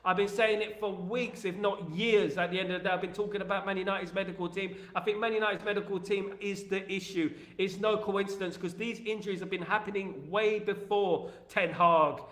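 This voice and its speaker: A man's voice: sits high, a little fast, hardly any pauses. Chatty East London man with an echo. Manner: animated, reads viewer comments aloud and riffs on them. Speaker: livestream host. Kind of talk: casual live-stream chat.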